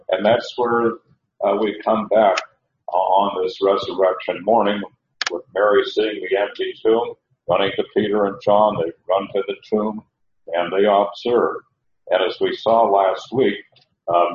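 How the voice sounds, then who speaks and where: A man preaching an expository sermon as pastor, halting often with fillers and restarts as he works through the text. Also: low voice, reverberant, dull audio, slight background noise.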